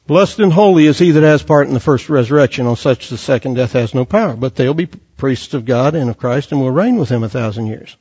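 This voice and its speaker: A man's voice: medium pitch, animated, a little fast, few pauses, a little mellow, breathy edge. A man preaching a sermon with passion, quoting scripture and firing off rhetorical questions. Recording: dull lo-fi recording.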